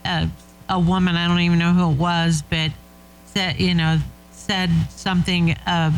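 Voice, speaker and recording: A woman's voice: on the low side, flat delivery, moderate pace, a little hiss or hum, rough recording. A woman co-hosting a talk show, speaking conversationally and chiming in with questions. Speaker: co-host. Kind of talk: casual chat.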